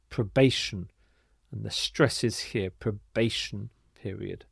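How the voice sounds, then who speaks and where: A man teaching English vocabulary, speaking clearly and deliberately and modelling the pronunciation and stress of each word. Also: mid-range voice, dry recording, studio quality. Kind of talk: scripted vocabulary lesson.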